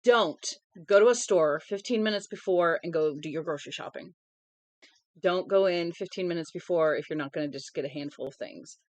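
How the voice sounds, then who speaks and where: A young woman reads a novel aloud to her live-stream audience, sounding tired and yawning now and then. She's chatty, breaking off between passages to make casual remarks to chat. Her voice is on the low side and a little fast, with no room sound and poor audio quality.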